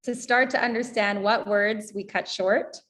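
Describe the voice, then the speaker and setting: An American woman, an English teacher and guest, explaining pronunciation in a lively way and demonstrating with examples. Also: mid-range voice, measured pace. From United States. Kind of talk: explanatory conversation.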